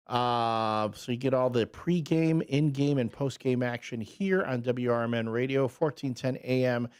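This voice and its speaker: A man's voice: mid-range voice, moderate pace, a little mellow, clear, resonant tone. A man co-hosting a morning radio show in a studio, talking loosely with fillers and restarts. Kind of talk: casual morning radio chat. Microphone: studio microphone.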